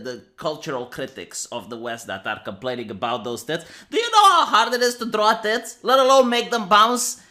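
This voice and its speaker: A man's voice: sits high, sharp tone. A man reviewing an anime episode in casual commentary, sarcastic and profane, ranting with rhetorical questions. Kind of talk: casual commentary over clips.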